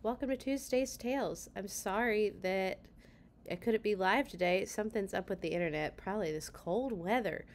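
A woman hosting a read-aloud storytime, chatting with children between the pages in an animated way. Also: mid-range voice, moderate pace, a little hiss or hum.

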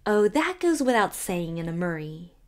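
A woman's voice: fairly low pitch, sing-song, moderate pace. A woman voicing a prim, gossiping older village woman who disapproves with tolerant, mock-pleasant airs. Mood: disapproving.

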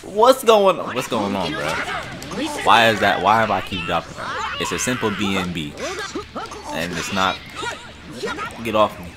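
A young man narrating his own ranked matches into a desktop microphone. His voice leaps wildly up and down as he shifts from low grumbling to sudden yells. Loud game music plays behind him. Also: a little slow, pauses often. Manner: excitable, yelling reactions between muttered complaints. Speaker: gamer playing ranked matches. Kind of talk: casual live gameplay commentary. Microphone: desktop USB microphone.

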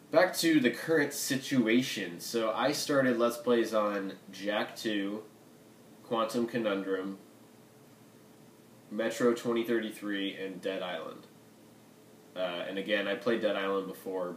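A man's voice: fairly low pitch, slight background noise. A young man chatting to his viewers about his gaming channel, rambling with lots of fillers and self-corrections. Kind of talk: rambling casual chat to viewers. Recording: echoey room.

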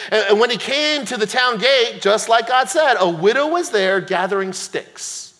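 A man's voice: high voice, fairly quick. A male pastor giving a sermon in a church, telling a story and acting out its characters. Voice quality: animated storyteller, acts out the characters. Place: church sanctuary, Los Angeles. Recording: long hall reverb, church sanctuary.

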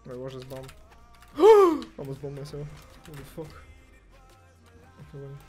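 A young man commentating on his own gameplay, excitable and foul-mouthed, swinging from muttering to yelling and ranting. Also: medium pitch, moderate pace, faint music behind. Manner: excitable, swears, rants, swings from mumbling to yelling. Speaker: gamer streamer.

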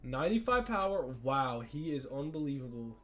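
A young man, casually commentating a video game with excitable, frustrated outbursts. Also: medium pitch, normal speed, soft background music. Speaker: gaming YouTuber. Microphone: desk mic with face cam.

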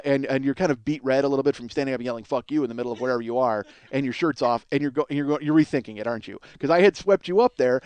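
His voice is fairly high, a little mellow and smooth. The middle-aged man is hosting his podcast, launching into a rambling, foul-mouthed comic monologue in which he mocks himself as much as anyone else.

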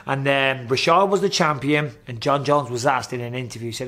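A man's voice: mid-range voice, moderate pace, a bit bright. A middle-aged man, a former fighter, giving blunt, casual commentary and swearing freely.

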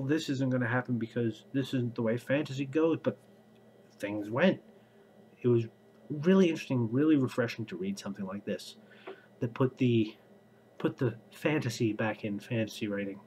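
A man's voice: medium pitch, darkish tone, a little hiss or hum, rough recording. A man hosting a casual book vlog, rambling conversationally and then reading a fantasy chapter aloud. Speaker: book vlogger.

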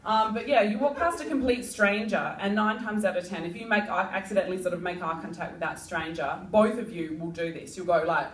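A woman's voice: mid-range voice, brisk, few pauses. A young Australian woman doing a stand-up comedy set, rambling and giggly, with lots of "like" and "um". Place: comedy club. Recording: echoey club mic heard from far off. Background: audience room noise.

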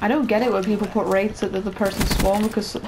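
A man giving excitable, chatty commentary over his own gameplay for viewers. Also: high-pitched, quick pace, noisy background. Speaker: gaming video creator. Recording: game sounds loud under voice. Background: gunfire and game announcer.

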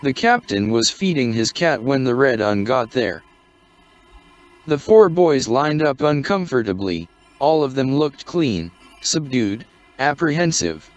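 A man reading a short story aloud in a measured, scripted narration. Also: medium pitch, sing-song, faint music behind. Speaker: audiobook narrator. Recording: dry, dull lo-fi recording.

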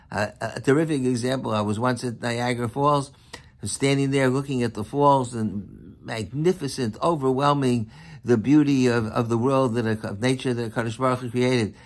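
A man giving a sermon as a rabbi, speaking in an animated, emphatic way and often repeating himself. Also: mid-range voice. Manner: animated, emphatic, with frequent repetition.

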